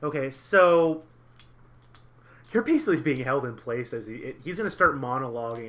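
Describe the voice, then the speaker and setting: Man, game master, tabletop narration, mid-pitched, casual. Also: animated, moderate pace, fairly bright tone. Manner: narrates actions, slips into character quotes.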